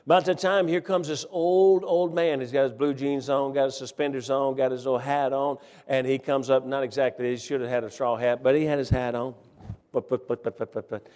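A man preaching a sermon and telling a humorous story in a folksy, halting way, with many fillers and restarts. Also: medium pitch, long reverb tail. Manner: folksy, halting, grows loud and excited in the story.

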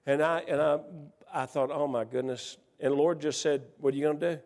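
A man's voice: a little high, steady tone, a little fast, darkish tone. A man preaching, telling a personal story in a folksy, emphatic way with many restarts, in a church. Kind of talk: storytelling sermon. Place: church sanctuary. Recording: church hall reverb.

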